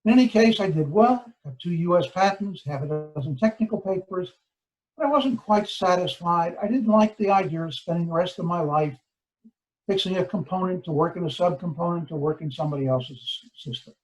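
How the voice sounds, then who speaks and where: An older man, a law professor, giving a formal lecture, with deliberate pacing and stressed key words. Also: sits high, a little mellow, poor audio. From United States.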